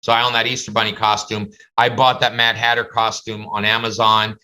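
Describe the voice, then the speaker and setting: A man's voice: lowish voice, level tone, fairly quick, bright, forceful tone. A man teaching a class over a video call, chatty and full of stories. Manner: chatty, storytelling, slips into comic voices. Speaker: face painting instructor.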